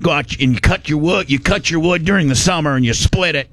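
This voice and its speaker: A man's voice: fairly high pitch, fairly quick, a bit bright, a little hiss or hum. A middle-aged man from Indiana telling a rambling, folksy story in casual podcast chat. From Indiana, USA. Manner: rambling, folksy, with many restarts.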